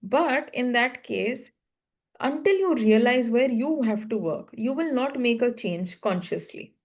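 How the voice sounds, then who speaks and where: A woman's voice: a little high, lively intonation, a little slow. A woman coaching a learner one-on-one, explaining patiently in short, repeated phrases. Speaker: English speaking coach.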